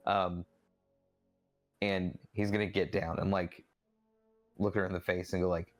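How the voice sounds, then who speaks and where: A man's voice: deep voice, level tone, a little slow, pauses often, soft background music. A man casually playing a tabletop game, hesitant and chuckling as he describes his character. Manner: hesitant, chuckling, lots of fillers. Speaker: player.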